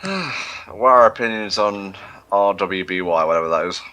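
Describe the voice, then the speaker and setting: Co-hosting a gaming livestream, a man rambles and mocks himself in casual chat. His lowish voice is bright and forceful, moving at a moderate pace.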